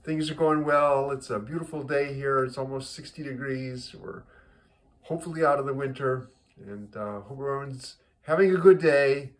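Guy telling a joke, keeps restarting, middle pitch voice, chatty. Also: normal speed. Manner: rambling, repeats words and restarts. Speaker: joke teller, host of a weekly joke.

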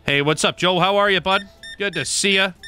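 A man's voice: sits high, fairly quick, over music. A man narrating a shop game, chatting to customers in a cheery shopkeeper manner. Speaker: gaming YouTuber. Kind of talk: playful let's-play commentary.

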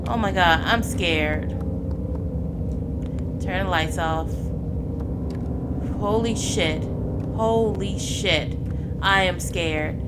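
A woman playing a horror game, reacting out loud and swearing when startled. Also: fairly low pitch, extremely slow, pauses often. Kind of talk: let's play commentary. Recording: background noise under the voice.

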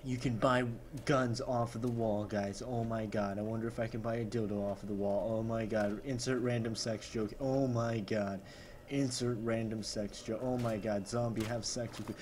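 A man's voice: fairly low pitch, steady tone, moderate pace, a little mellow, a little hiss or hum. A man doing comedic gameplay commentary as a gaming YouTuber parody, overexcited and full of gasping exclamations, with sarcastic asides.

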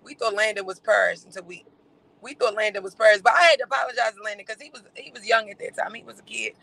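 High, gravelly-voiced sassy man. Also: pushed and bright, poor audio. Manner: sassy, campy, teasing; drawn-out exclamations and laughter. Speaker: livestreamer. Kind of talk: livestream gossip commentary.

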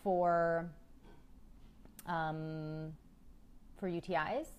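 A woman's voice: fairly low pitch, fairly even intonation, extremely slow, slight background noise. A woman in her thirties hosting a live question-and-answer stream, chatty and frank, reading viewer questions aloud with frequent ums. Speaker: women's health host.

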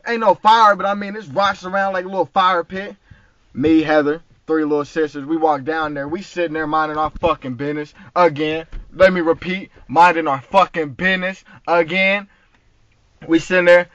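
A man rants heatedly in street slang from inside a parked car, his voice high and bright. The phone recording is dull and dry, with no room echo. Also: steady tone, normal speed. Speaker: vlogger. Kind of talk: angry ranting story.

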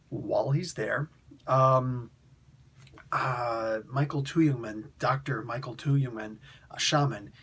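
A man with a husky, slightly breathy voice talks through a comic recap in a loose, chatty way. He chuckles often and drops into little voiced quotes of the characters. His pitch sits in an ordinary middle range for a man. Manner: rambling, chuckling, full of fillers and quick voiced quotes. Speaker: comic book reviewer host. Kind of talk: casual comic review chat.

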